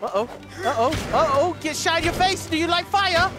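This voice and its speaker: A man giving excitable let's play commentary, with loud outbursts and giggly laughter. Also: very high-pitched, moderate pace, over music. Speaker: gaming YouTuber.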